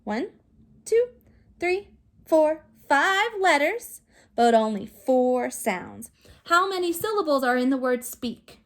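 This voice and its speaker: A woman teacher recording a video phonics lesson for young children, sounding out words slowly and clearly. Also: sits high, big pitch swings. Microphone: recorded to camera for remote students.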